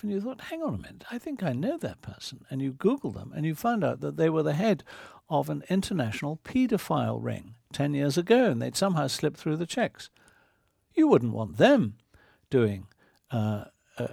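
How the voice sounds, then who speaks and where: Gravelly, animated male preacher. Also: medium pitch, no echo, studio quality. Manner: earnest, building vivid hypothetical scenarios. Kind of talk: sermon.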